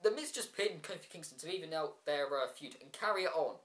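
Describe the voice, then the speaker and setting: A man with a fairly high voice runs through a show in a casual review vlog. He gets frustrated and rants, stumbles over ums and restarts, and throws in sarcastic asides. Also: lively intonation, fairly quick, fairly bright tone.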